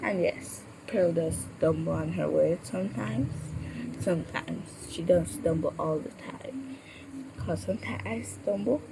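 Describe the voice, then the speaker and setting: A woman's voice: fairly low pitch, a little slow, vocal fry. A woman puppeteer chatting casually, with a sore throat from a cold and stumbling over her words. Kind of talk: casual chat. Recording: steady background noise.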